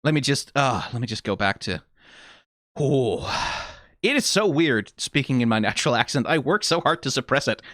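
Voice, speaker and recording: A man's voice: mid-range voice, normal speed, no echo. Danish guy reacting to clips, voice jumps all over, dry close mic, swears a bit. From Denmark. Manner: animated, exclaiming and swearing, laughing often. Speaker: reaction video host. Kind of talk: casual reaction commentary.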